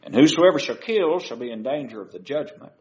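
A man's voice: medium pitch, lively intonation, brisk, echoey room, muffled recording. A man preaching a sermon, asking his listeners question after question. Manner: asks the audience many questions.

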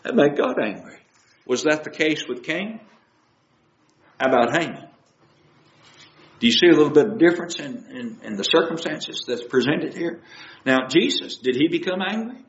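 A man's voice: fairly high pitch, big pitch swings, moderate pace, pauses often, reverberant, lo-fi sound. A man preaching a sermon, asking his listeners question after question. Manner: asks the audience many questions.

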